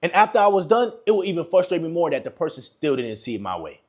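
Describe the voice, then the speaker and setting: Husky high-voiced man giving blunt advice. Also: very animated, fast talker. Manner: emphatic, repetitive, addresses viewers as bro. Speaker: relationship advice vlogger. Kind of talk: casual advice monologue.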